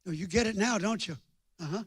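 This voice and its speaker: An older man preaching a storytelling sermon in a folksy, joking way, swinging from hushed asides to loud bursts. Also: high-pitched, fast, slightly rough, no echo, clean studio sound. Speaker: guest preacher.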